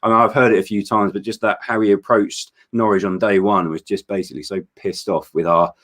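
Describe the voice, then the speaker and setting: A man's voice: lowish voice, fairly even intonation, a little fast, fairly bright tone. A man chatting casually on a late-night charity livestream, rambling and enthusiastic with lots of fillers and restarts, tired after staying up all night. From Norfolk, England. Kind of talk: casual chat.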